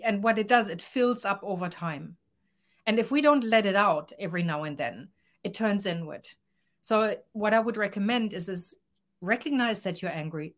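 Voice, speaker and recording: A woman coach being interviewed, talking earnestly and acting out little quoted exchanges as she explains. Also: mid-range voice. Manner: earnest, expressive, acts out quoted lines. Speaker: guest coach. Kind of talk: podcast interview.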